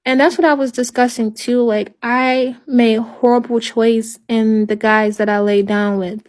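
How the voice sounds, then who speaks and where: A halting, despairing woman livestreaming. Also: fairly high pitch, steady tone, a little mellow. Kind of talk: emotional livestream talk.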